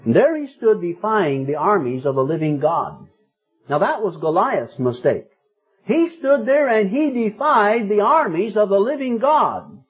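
A man in his fifties preaching a sermon, telling a story and rising to loud, emphatic peaks. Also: sits high, big pitch swings, measured pace, slightly rough. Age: 50s. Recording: tinny phone-like sound.

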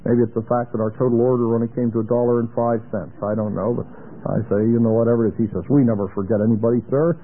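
A middle-aged man preaching a sermon, telling anecdotes and acting out the dialogue with animated storytelling. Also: medium pitch, quick pace, slight background noise. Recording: tinny lo-fi phone-band recording.

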